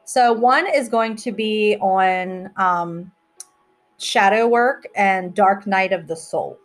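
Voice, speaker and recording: A woman hosting a casual solo podcast. She chats freely and rambles, and she often breaks off to joke about herself. Her voice sits in an ordinary middle pitch. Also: takes it slowly. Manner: chatty, rambling, self-mocking. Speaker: podcast host.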